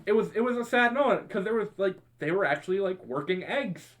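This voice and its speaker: A young man hosting a podcast, telling high school stories to friends in a casual way, often laughing and acting out what his friends said. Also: animated, a little fast, fairly bright tone. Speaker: podcast host. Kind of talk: casual storytelling among friends.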